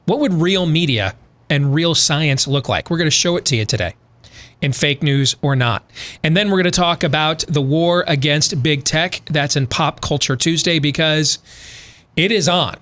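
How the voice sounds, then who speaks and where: A man's voice: a little high, normal speed, a bit bright. A man hosting a talk radio show, talking through a conversational monologue full of rhetorical questions, then reading an ad.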